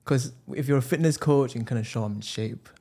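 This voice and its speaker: A man's voice: medium pitch, fairly quick, dark tone. A man hosting a podcast, asking curious, probing questions of his guest. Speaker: podcast host. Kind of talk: interview questions.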